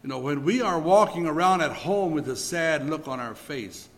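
A man preaching a sermon in a church, speaking deliberately with pauses and occasional fillers. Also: fairly high pitch, expressive. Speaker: pastor.

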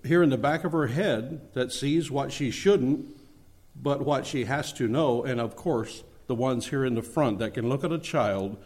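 A man's voice: medium pitch, a little mellow, lightly acted. God as a proud, patient creator, read by a man. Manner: earnest storytelling read-aloud. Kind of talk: sermon story reading.

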